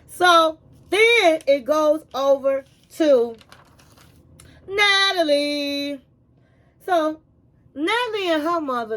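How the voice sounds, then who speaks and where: A woman hosts a chatty, animated reality TV recap, telling the story casually and tossing in asides like "honey." Her voice sits high.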